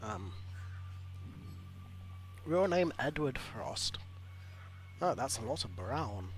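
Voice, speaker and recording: A man's voice: mid-range voice, big pitch swings, slow, pauses often, rough recording. A man hosting a let's play, reading hero bios aloud and joking between them in a chatty way. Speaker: gaming channel host.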